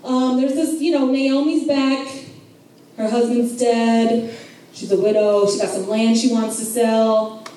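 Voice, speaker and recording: A woman's voice: on the high side, level tone, measured pace, dark tone, natural voice. A woman voicing a brash, wealthy older man with a New York accent, breezy and full of hesitant "uh"s. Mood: offhand. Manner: hesitant with many "uh"s, breezy and offhand. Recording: echoey room from far off.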